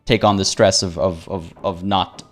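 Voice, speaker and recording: A man's voice: sits low, steady tone, moderate pace, fairly bright tone. A man streaming a strategy game, chatting playfully with his viewers, reading event text aloud, joking and often stumbling over and repeating his words. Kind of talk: live-stream gameplay commentary.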